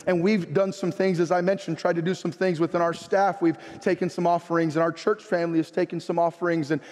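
A man's voice: fairly high pitch, little pitch movement, fast talker, darkish tone. A male pastor preaching a sermon, repeating phrases for emphasis and reading scripture aloud in a church sanctuary. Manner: preaching with rising emphasis and repetition, quoting scripture. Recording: long reverb of a church hall.

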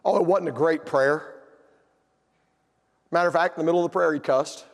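A man preaching from the pulpit, his higher voice carrying a long church-hall reverb. He tells his story plainly and then climbs to forceful, shouted emphasis. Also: fairly quick. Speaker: pastor. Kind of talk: sermon.

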